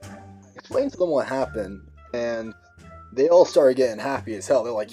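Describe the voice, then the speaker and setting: A man's voice: medium pitch, fairly quick, soft background music. A young man narrating a storytime animation in a casual, slangy way, playfully acting out what others said. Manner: relaxed slangy delivery, playful quoting.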